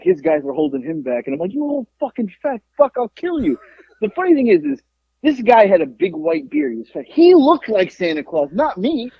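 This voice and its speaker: A man hosting a podcast, telling a rowdy story in casual chat, profane and animated, acting out the people in it. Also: high voice, creaky, husky, no room sound. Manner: profane, animated, acts out the people in his stories. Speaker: podcast host. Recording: dull lo-fi podcast audio.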